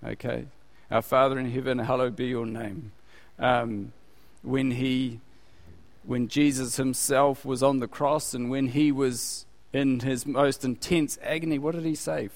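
Slow preacher in a reverberant hall. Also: male voice, medium pitch, level tone. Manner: unhurried, rising loud on scripture quotes, asks the audience questions. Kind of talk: sermon.

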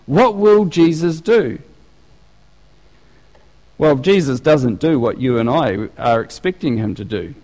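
A man preaching a sermon in an animated, conversational way, often restarting his sentences. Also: medium pitch, slow, pauses often. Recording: long reverb of a large hall.

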